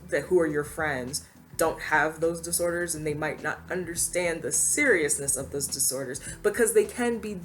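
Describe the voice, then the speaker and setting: A woman giving earnest, emphatic opinion commentary to camera, now and then quoting others in a mocking voice. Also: fairly low pitch. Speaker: commentary YouTuber.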